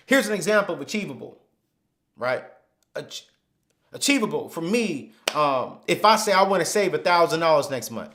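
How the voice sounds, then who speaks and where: A man hosting a live finance webinar, speaking emphatically and repeating phrases, sometimes dropping to a hushed storytelling voice. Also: high voice, lively intonation, normal speed. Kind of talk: live motivational money teaching.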